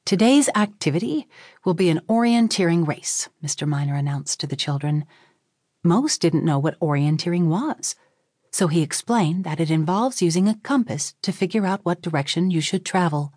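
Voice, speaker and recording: A woman's voice: low voice, moderate pace, no room sound, clean studio sound. Woman narrating a children's audiobook. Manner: expressive, clear storytelling. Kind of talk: scripted children's story narration.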